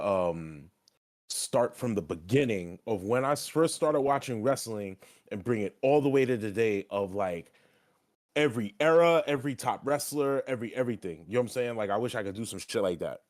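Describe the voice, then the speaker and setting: A young man streaming and chatting casually, talking loosely with lots of filler "like" and plenty of swearing. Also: fairly low pitch. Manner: loose, profane, heavy on filler "like". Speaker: streamer and wrestling trainee.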